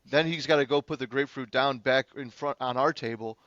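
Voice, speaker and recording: A man, a public defender, telling a courtroom story on a podcast in an animated, profane, casual way. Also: mid-range voice, dry recording. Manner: animated, profane, fast-moving anecdote. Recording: slightly dull lo-fi sound.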